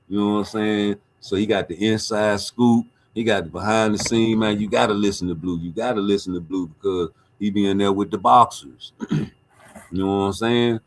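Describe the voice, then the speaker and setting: A boxing livestream host goes through viewer chat, joking and swearing in animated, laid-back banter. He speaks at a moderate pace in a lowish voice.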